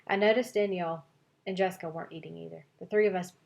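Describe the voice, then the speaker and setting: A woman teacher giving an expressive read-aloud of a children's novel for her class, voicing several child narrators. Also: lowish voice, fast talker, creaky.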